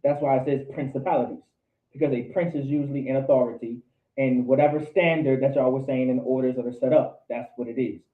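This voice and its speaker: A man's voice: mid-range voice, fairly even intonation, quick pace. Man teaching a Bible class, tinny echo. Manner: quizzes students, repeats for emphasis. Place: indoor meeting room with a class. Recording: tinny, echoey lo-fi room recording.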